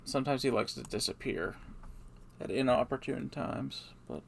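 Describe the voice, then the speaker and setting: A man's voice: mid-range voice, expressive, moderate pace, vocal fry, slight background noise. A man streaming live, rambling in a hesitant, mumbling, self-deprecating way.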